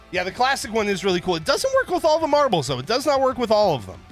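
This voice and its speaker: A man hosting a livestream, chatting casually and joking with viewers in a rambling way. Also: high-pitched. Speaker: stream host.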